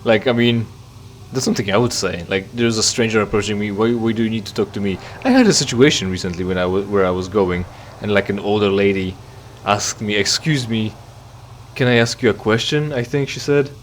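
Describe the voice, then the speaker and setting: A let's play commentator with a lowish voice talks briskly, giving sarcastic, rambling commentary over the game he's playing and reading its dialogue aloud. It's casual gameplay talk, with slight background noise.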